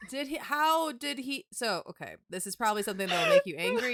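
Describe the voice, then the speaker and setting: A woman's voice: sits high, huge pitch swings, a little fast, a bit bright. A woman co-hosting a podcast in casual chat, curious and asking hesitant questions.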